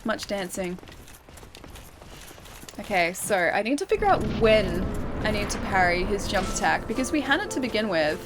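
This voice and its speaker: A woman's voice: medium pitch, big pitch swings, normal speed, long pauses, background noise. A woman streamer chatting casually while she plays a game, reading viewer messages aloud and laughing often. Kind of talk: casual live-stream chat while gaming.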